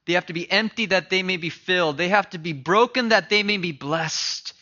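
A male preacher with a high, bright, forceful voice delivers a sermon. He swings from ringing declarations to hushed, earnest pleading. The sound is dull and lo-fi. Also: fairly quick. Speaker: pastor.

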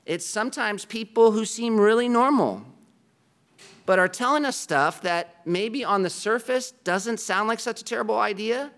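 A man's voice: high voice, clear, resonant tone. A man preaching a sermon to his congregation in an earnest, conversational way. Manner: earnest, conversational preaching with a self-deprecating aside. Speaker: pastor.

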